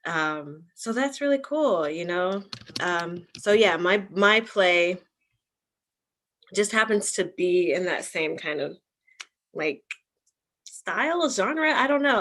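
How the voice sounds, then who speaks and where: A woman's voice: on the low side, fairly bright tone. A young woman hosting an online book club livestream, talking casually and rambling with many ums and likes.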